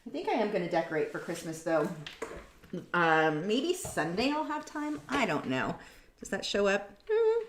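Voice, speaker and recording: A woman's voice: mid-range voice, wildly swooping pitch, normal speed, slight background noise. Chatty woman painting live, roomy sound. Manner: rambling, tangent-prone, self-mocking. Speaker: artist hosting a painting livestream. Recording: roomy echo.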